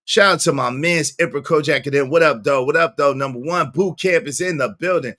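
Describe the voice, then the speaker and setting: A man hosting a casual livestream, greeting viewers by name, with sudden jumps into squeaky high tones. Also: fairly quick, a bit bright. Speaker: livestream host.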